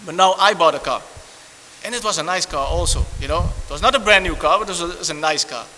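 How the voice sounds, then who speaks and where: A man preaching a sermon, animated and repetitive, restarting phrases and breaking into asides. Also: on the high side, fast. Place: church hall. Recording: long church reverb, faint hiss.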